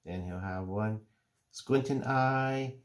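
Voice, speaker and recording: A middle-aged man calmly explaining, step by step, how to draw cartoon faces. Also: lowish voice. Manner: relaxed, unhurried step-by-step explaining. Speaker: drawing teacher. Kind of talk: casual drawing tutorial.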